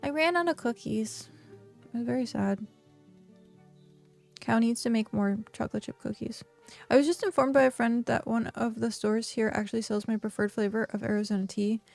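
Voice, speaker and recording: A woman's voice: fairly high pitch, normal speed, gravelly, a little mellow, soft background music. A woman streaming a game, chatting casually, talking to herself and reading chat aloud. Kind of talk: casual live-stream chat while gaming.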